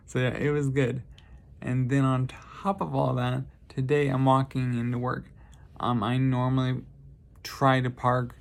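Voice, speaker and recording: Slow, gravelly man telling rambling anecdotes. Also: medium pitch, level tone. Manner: rambling, self-correcting, lighthearted. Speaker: vlogger. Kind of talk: casual storytelling monologue.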